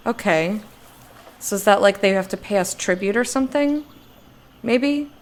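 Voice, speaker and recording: A woman's voice: medium pitch, animated, normal speed, long pauses. An American woman giving casual let's-play commentary and reading game text aloud. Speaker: gamer.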